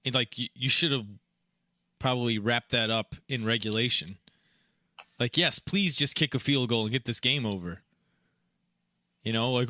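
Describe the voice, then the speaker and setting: A man's voice: medium pitch, moderate pace, pauses often, pushed and bright, dry recording. A man co-hosting a podcast in casual chat, dry and matter-of-fact with firm opinions. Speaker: podcast co-host.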